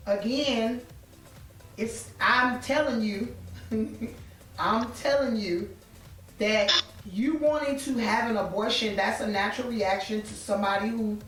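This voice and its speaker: A woman hosting a conversation, slowly and insistently repeating "I'm telling you". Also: a little high, a bit bright. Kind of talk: counseling conversation. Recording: echoey, distant mic, faint music.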